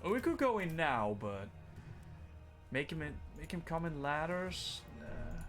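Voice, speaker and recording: A man streaming a strategy game, thinking aloud in casual, excitable commentary and swearing freely. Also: on the high side, unhurried, over music. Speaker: gaming streamer. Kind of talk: casual let's-play commentary.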